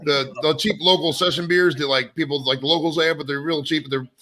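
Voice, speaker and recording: A man from the United States telling animated stories in a casual chat, full of "like". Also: a little high. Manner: fast, animated storytelling with filler "like".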